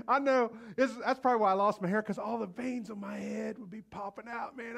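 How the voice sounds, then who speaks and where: A middle-aged man preaching a live sermon at a church service, energetic and exhorting, swinging between loud outbursts and low, quiet passages. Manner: energetic, exhorting, calls out "come on". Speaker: pastor.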